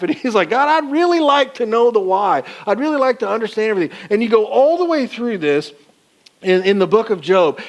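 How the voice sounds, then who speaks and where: A male pastor preaching a sermon in a folksy, colloquial way, asking the congregation rhetorical questions. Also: high-pitched.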